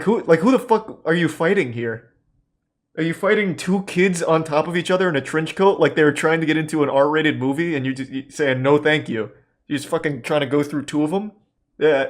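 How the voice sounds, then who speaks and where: Sarcastic man riffing on clips. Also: fairly high pitch. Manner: sarcastic, deadpan asides with sudden excited shouts. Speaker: commentator reacting to clips. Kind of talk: casual video commentary.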